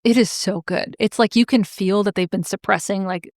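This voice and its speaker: A woman co-hosting a podcast, retelling a TV series in casual, animated chat full of "like" asides. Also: mid-range voice, a little fast, no room sound, clean studio sound. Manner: animated storytelling with many "like" fillers. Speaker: podcast co-host. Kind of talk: casual chat recapping a TV show.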